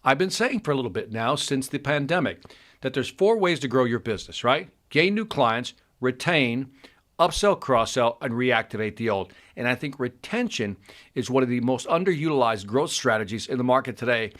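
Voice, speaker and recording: Co-host: eager mid-pitched man, reads out stats, repeats himself when excited. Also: moderate pace. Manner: enthusiastic, repeats his words, reads out statistics. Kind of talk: casual chat.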